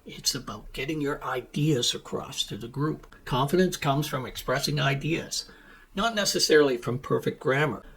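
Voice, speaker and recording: Husky-voiced male business English coach. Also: medium pitch, lively intonation, normal speed, fairly bright tone. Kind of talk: teaching monologue to camera.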